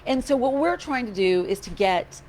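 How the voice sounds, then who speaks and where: A woman's voice: on the high side, moderate pace. A woman talks in a loose, chatty way, restarting her sentences and letting a wry, sarcastic edge slip through. She is a county commissioner holding office hours from her office. A faint hum of noise sits under her voice. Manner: chatty, animated, a little sarcastic, frequent restarts. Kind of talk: casual chat.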